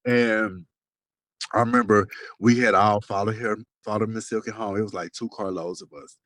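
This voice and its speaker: Man on a phone call, low voice, dry close sound, profane animated gossip. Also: moderate pace, no room sound. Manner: animated storyteller, profane, lively slangy talk. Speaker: best friend on a phone call.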